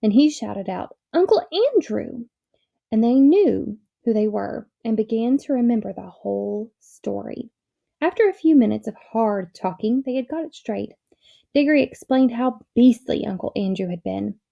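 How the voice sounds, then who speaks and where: A woman reading a children's novel aloud in a gentle, measured storytelling manner. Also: a little high, vocal fry, lo-fi sound. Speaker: reader.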